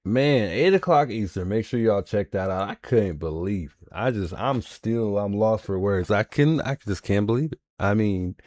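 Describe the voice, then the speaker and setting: A man's voice: lowish voice, lively intonation, moderate pace, hardly any pauses, a little mellow, slight background noise. A man hosting a livestream, reacting in casual commentary and repeating himself in disbelief. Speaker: livestream host.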